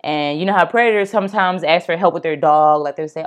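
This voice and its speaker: A woman's voice: fairly low pitch, animated, a little fast. A young woman hosting a casual true-crime podcast, chatty and blunt, swearing and turning to her listeners with asides. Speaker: podcast host.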